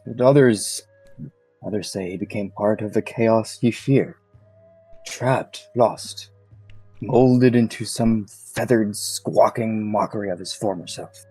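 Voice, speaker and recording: A man voicing an aloof, cryptic male tower keeper in a measured, ominous storytelling manner over faint music. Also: on the low side, warm tone, breathy edge, no room sound.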